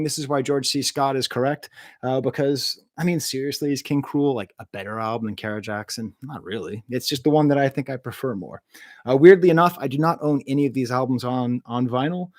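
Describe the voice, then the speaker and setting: Livestreaming from his home room, a man who teaches French and reviews music talks casually, rambling and making self-deprecating jokes with many filler uhs. His voice is mid-range and darkish, recorded dry at studio quality.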